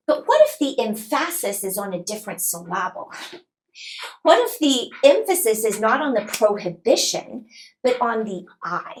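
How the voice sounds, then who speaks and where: A woman guest, a New Testament scholar, explaining scripture in an emphatic, expressive way and acting out quoted speech. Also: a little high, normal speed, rough recording.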